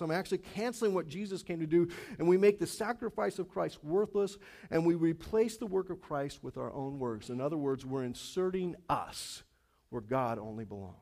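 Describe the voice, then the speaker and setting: A man preaching a sermon in a conversational way, stumbling over restarts, chuckling, then pushing hard on his key points. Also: fairly high pitch. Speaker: pastor.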